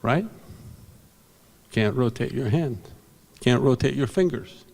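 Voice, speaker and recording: An older man telling rambling, animated anecdotes on stage at an awards ceremony, correcting himself as he goes, through a stage microphone in a convention hall. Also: medium pitch, takes it slowly, vocal fry. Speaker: veteran comic book inker and speaker. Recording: long hall reverb.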